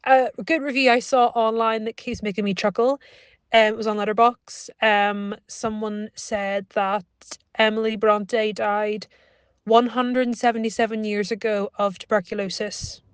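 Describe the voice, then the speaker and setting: A woman's voice: mid-range voice, flat delivery, unhurried, clean tone. A chatty woman gives a wry, casual film review, speaking into a small phone microphone. The sound is dry and close, with no room echo. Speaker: podcast co-host. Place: cinema lobby.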